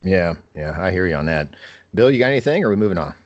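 A man with a very deep voice hosts a podcast, cracking wry jokes. His audio sounds dull and lo-fi. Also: sing-song, fast talker, no echo. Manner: joking, wry. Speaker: podcast host. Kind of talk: casual chat.

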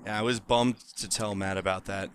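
A man's voice: on the low side, steady tone, brisk, a bit bright. A man co-hosting a casual fantasy football podcast, teasing his friends, swearing and laughing often. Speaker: podcast co-host. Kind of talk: casual chat among friends.

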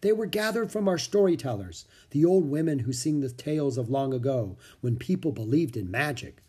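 A man voicing a calm, welcoming monk with measured, formal speech in a storybook reading. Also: on the high side, slightly rough.

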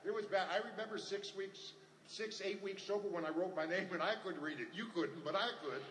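A man's voice: high voice, brisk, fairly bright tone, slight background noise. An older man giving earnest personal testimony at a recovery meeting, telling stories and repeating his phrases. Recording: echoey hall, faint ambience.

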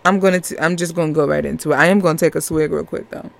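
A woman's voice: low voice, steady tone, racing, creaky. A woman hosting a podcast, chatting casually and animatedly as she reviews a movie, laughing often. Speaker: podcast host.

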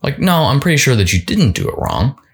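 A man's voice: mid-range voice, sing-song, fairly quick, breathy edge. A man hosting a solo motivational podcast, talking casually and often restarting and repeating words. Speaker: podcast host.

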